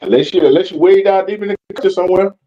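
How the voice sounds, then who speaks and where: A man's voice: high-pitched, rapid-fire, dark tone, dull audio. A man on a live stream panel, chatting casually, backing up the host and starting his lines with stammered repeats. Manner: chimes in with agreement, stammering starts. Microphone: video call.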